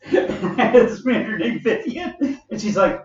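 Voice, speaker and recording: A man's voice: sits high, animated, unhurried. A man telling rambling stories from his old jobs in a casual vlog, laughing often and acting out what people said to him. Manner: laughs often while talking, acts out quoted people. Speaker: vlogger telling work stories. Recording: echoey, dull, from far off the mic.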